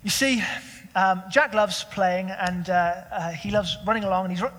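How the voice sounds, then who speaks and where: A young male pastor delivers a sermon in a conversational way, asking his listeners question after question. His voice sits high and a little husky. A long reverb trails behind him in the hall. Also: moderate pace, fairly bright tone.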